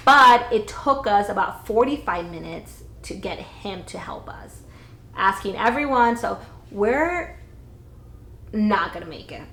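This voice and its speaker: A woman's voice: mid-range voice, fairly bright tone. A young woman vlogger telling a casual, blunt storytime with some swearing, recorded indoors on a camera-mounted mic. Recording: roomy echo.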